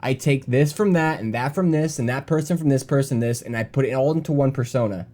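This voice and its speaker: A man's voice: medium pitch, brisk, mellow. Defensive, rambling young male streamer. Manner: defensive and rambling, reading chat aloud. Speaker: game streamer. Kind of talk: live stream commentary.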